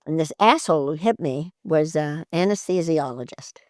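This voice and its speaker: An older woman with a lowish voice recounts her stories in a lively interview. She laughs easily and slips into the voices of the people she describes. The recording is close and dry. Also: moderate pace, no echo. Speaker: interview guest, actress. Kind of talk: anecdotal interview storytelling.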